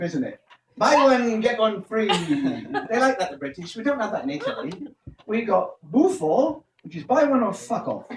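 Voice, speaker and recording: A high-voiced man works through a stand-up set, his pitch leaping around as he fires off jokes and throws questions at the crowd. He is recorded from a distance in a live venue, so the sound is echoey with clear background noise. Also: a bit bright. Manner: punchy joke-telling, quizzes the audience. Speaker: stand-up comedian.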